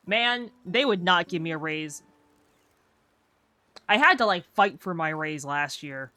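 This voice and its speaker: Bright-voiced young woman streamer, rambling. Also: deep voice, measured pace, no echo. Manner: rambling storyteller, heavy use of "like". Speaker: game streamer. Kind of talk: casual chat while gaming.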